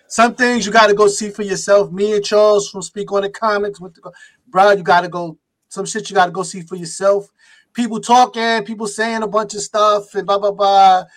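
A man joining a podcast as guest, hyped and loud, repeating phrases for emphasis. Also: sits high, fairly even intonation, brisk. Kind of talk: casual chat.

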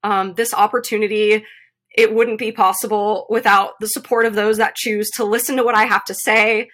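A young woman speaks in an earnest podcast monologue, her voice bright and clear. She fills pauses with ums and restarts her sentences, and she sounds emotional, as if close to tears. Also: medium pitch, level tone. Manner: earnest, many fillers and restarts. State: emotional, voice catching. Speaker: podcast host, mental performance consultant.

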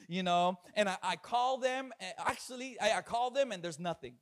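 A male pastor delivers a sermon in a high, bright-sounding voice. He tells his story with animated, acted-out quotes, often repeating his words as he builds momentum. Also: fairly quick, few pauses.

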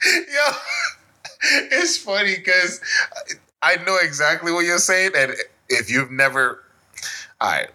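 Male co-host, casual chat, very bright voice with a lively pitch. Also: takes it slowly, pauses often. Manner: eager, backs the other speaker with constant agreement. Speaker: podcast co-host.

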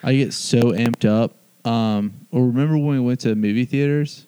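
A man's voice: medium pitch, moderate pace, mellow, clear, resonant tone, rough recording. A young man co-hosting a podcast, a jokey storyteller who likes to goof around. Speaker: podcast co-host. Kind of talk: casual chat.

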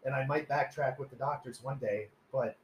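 A man's voice: mid-range voice, fairly even intonation, normal speed, a crowd in the background, poor audio. A man hosting a casual podcast, telling stories in a rambling, profane, joking way and acting out quoted voices. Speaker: podcast host.

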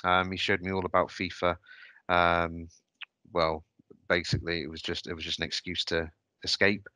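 A man's voice: sits low, flat delivery, moderate pace, sharp tone, dry recording. A man telling a personal story on a podcast, hesitant and reflective, often restarting his sentences. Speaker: podcast host.

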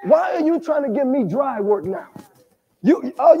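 High-voiced animated preacher, echoing church. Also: male voice, unhurried, muffled recording. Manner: animated, rising to shouts, quizzing the congregation. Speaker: pastor. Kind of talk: sermon at a Bible study. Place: church sanctuary.

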